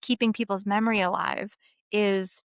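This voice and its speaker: A woman's voice: mid-range voice, moderate pace, dry recording. Chatty woman in her thirties, muffled audio. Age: 30s. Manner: animated storyteller, lots of "like" fillers. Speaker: memoir author, podcast guest. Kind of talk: casual podcast interview.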